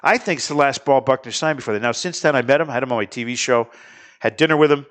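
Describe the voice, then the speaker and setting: A middle-aged man hosting a casual talk show, telling lively stories and chatting with his guests. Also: medium pitch, quick pace. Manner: chatty, animated anecdote teller. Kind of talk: casual studio chat and storytelling.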